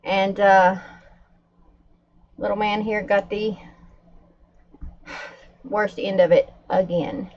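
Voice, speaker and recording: A woman's voice: medium pitch, takes it slowly, pauses often, lo-fi sound. A woman livestreaming to her viewers in casual chat, a little out of breath and upset. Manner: upset, talking to viewers while calming pets.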